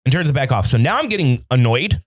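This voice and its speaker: This podcast host speaks fast in a medium-pitched male voice. Recorded in a studio, he spins a profane, lively story in casual conversation, performing the dialogue he quotes.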